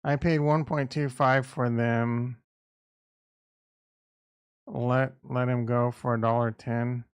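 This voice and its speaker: A middle-aged livestream host with a gravelly, creaky voice at an ordinary pitch rambles bluntly and casually, throwing in plenty of crude asides. He speaks slowly with a flat delivery, and the recording is dry and close, with no room sound or echo.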